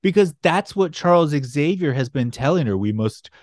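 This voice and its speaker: A man's voice: a little high, lively intonation, normal speed, no echo, studio quality. A man co-hosting a casual chat, recapping a cartoon episode with blunt, swearing, rambling asides. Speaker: podcast co-host.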